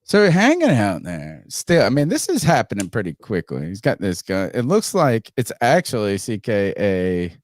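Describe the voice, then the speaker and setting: A man's voice: lowish voice, normal speed, hardly any pauses. A man on a podcast telling a story casually, swearing a lot and acting out what people said. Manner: profane, animated, acts out quotes loudly. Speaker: podcast host.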